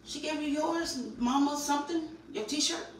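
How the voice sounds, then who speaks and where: An older woman, the vlogger's mother, talking loudly and bluntly, so that she sounds angry when she is not. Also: high-pitched, normal speed, a little hiss or hum. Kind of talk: casual family banter. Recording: distant voice in an echoey room.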